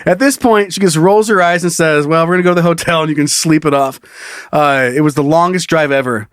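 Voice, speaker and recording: Podcast guy reading a listener story, keeps cracking up, higher voice, dry close mic. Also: fairly quick, clean tone, no room sound. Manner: laughs often while reading. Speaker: podcast co-host. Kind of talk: reading a listener story aloud, casual chat.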